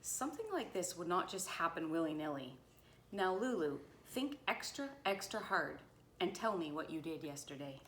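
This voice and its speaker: A woman reading aloud plays a brisk school nurse who takes charge with firm, emphatic speech. The voice sits in a roomy, echoing space. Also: lowish voice, very animated, a bit bright, a little hiss or hum. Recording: roomy echo.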